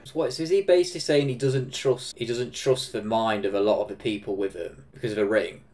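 A man with an English Midlands accent reacting to a film, excitable, swearing and laughing often. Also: mid-range voice, fairly quick. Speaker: reaction video host. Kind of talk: casual reaction commentary.

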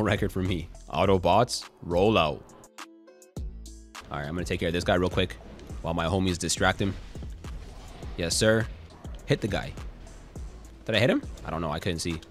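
A young man giving casual, excitable gameplay commentary, swearing and cracking jokes as he plays. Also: sits low. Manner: excitable, swearing, jokey, quotes song lines and memes. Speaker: gaming YouTuber.

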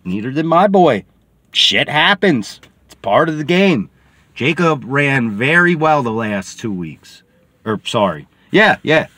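A man's voice: medium pitch, very animated, slow, pushed and bright, dry recording. A man hosting a sports podcast, rambling casually in a chatty vlog while sitting in a car. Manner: rambling and chatty, many fillers.

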